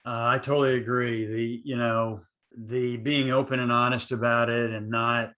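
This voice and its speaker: A man's voice: mid-range voice, flat delivery, moderate pace, sharp tone. A man hosting a podcast interview, a person who stutters, speaking reflectively and in agreement with his guest. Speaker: podcast host. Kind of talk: interview chat.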